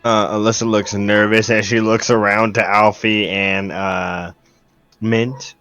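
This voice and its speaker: A male player in a tabletop game narrates his character's actions in a loud voice. His voice sits low, and the recording sounds dull and dry. Faint music plays behind. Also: flat delivery, measured pace, clear, resonant tone, dry recording.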